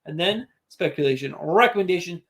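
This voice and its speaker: A man co-hosting a casual livestream, speaking in an easygoing way with halting restarts. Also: sits high, animated, fairly bright tone. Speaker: co-host.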